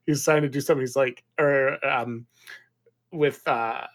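A man's voice: medium pitch, fairly even intonation, normal speed. A man co-hosting a podcast in casual chat, enthusiastic and chiming in with asides. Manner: enthusiastic, chimes in with references and asides. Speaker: podcast co-host.

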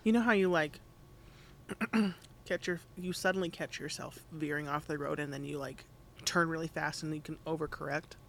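A man's voice: on the high side, steady tone, moderate pace, vocal fry, fairly bright tone, a little hiss or hum. A man co-hosting a casual chat, talking in an easygoing, reflective way with many fillers.

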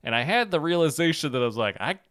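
A male podcast co-host with a somewhat high voice that leaps around as he tells a self-mocking story. He laughs often and sounds close and dry on the mic. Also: lively intonation, fast talker, fairly bright tone, no room sound. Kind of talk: casual chat, anecdote telling.

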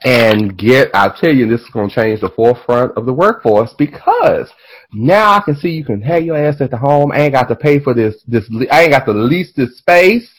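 A man hosting a podcast in casual chat, animated and profane, drifting into tangents and laughing as he talks. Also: medium pitch, moderate pace, low-quality recording. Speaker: podcast host.

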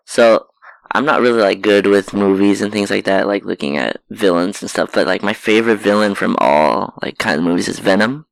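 Deep gravelly hesitant man. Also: fairly quick, dry recording, low-quality recording. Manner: hesitant, fills with "like" and "um". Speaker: podcast co-host. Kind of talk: casual chat.

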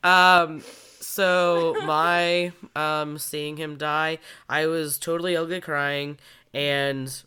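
A woman in casual chat, telling a story with lively acted-out reactions. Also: sits low, very slow, smooth. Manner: animated storyteller, acts out her own reactions. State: congested from a cold.

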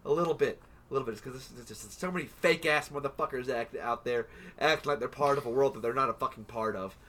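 A man on a casual podcast, ranting in profane bursts full of halting restarts. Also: mid-range voice, fairly bright tone. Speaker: podcast co-host. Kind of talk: casual chat.

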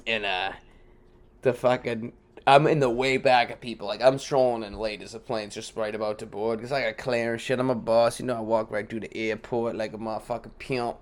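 A man co-hosting a podcast, telling crude stories with frequent laughter and louder quoted lines. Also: mid-range voice, steady tone, a little fast. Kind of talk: casual profane chat.

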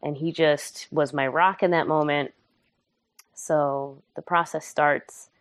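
Woman, low voice, dry close sound, candid and funny storyteller, emotional at times. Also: steady tone, slow pace, no room sound. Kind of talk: casual storytelling.

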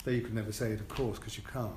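Brisk-talking man, historian interviewer. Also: fairly low pitch, fairly even intonation, darkish tone, echoey room, a little hiss or hum. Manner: brisk, probing, leading questions. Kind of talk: interview questioning.

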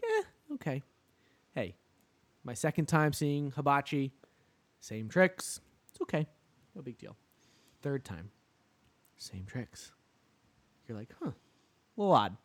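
A man co-hosting a podcast in casual comedic chat, rambling and jokey as he riffs. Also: medium pitch. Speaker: podcast co-host.

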